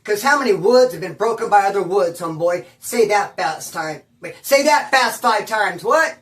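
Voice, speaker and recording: A man's voice: sits high, expressive, normal speed, fairly bright tone, distant mic. A man from California casually telling a prison story in rambling, slang-heavy talk. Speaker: former inmate telling prison stories.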